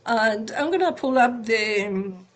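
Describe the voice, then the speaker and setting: A woman co-hosting a spiritual talk on parenting, speaking in a gentle, conversational way over a video call. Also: fairly high pitch, animated, unhurried. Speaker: satsang co-host and parent.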